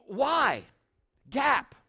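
A middle-aged man preaching a sermon in an animated, conversational way, with big swings in pitch. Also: drawn-out words, creaky, breathy edge.

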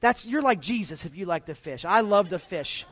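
A middle-aged man preaches a sermon, moving from hushed asides to the congregation up to loud, punchy exhortations. He jokes at his own expense and keeps it conversational. The sound is close and dry, with no room around it. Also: high voice, normal speed, dry recording. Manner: animated preaching with big swings between quiet asides and loud emphatic lines; self-deprecating humor, chatty asides to the congregation. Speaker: pastor.

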